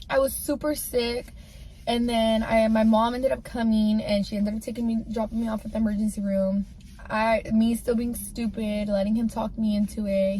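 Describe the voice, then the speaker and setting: Candid rambling woman, fairly high voice. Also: darkish tone, a little hiss or hum. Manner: candid, rambling, heavy use of "like". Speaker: storyteller sharing a personal story. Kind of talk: casual storytime.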